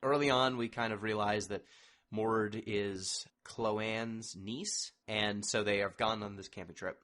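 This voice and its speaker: A man with a somewhat low voice hosts a casual podcast chat. He talks in a wry, discursive way, steering the discussion from one point to the next. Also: fairly even intonation, a little slow, a bit bright. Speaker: podcast host.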